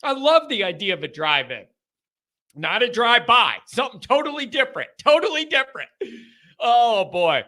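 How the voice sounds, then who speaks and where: A man hosting a live fan call-in show, animated and emphatic, often repeating phrases for effect. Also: extremely high pitch, moderate pace.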